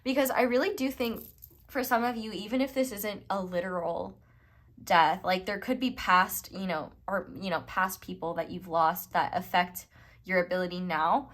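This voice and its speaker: A woman's voice: on the low side, steady tone, normal speed, fairly bright tone. Chatty young woman reading tarot. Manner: chatty, rambling, lots of fillers. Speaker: tarot reader. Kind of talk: casual tarot reading to camera.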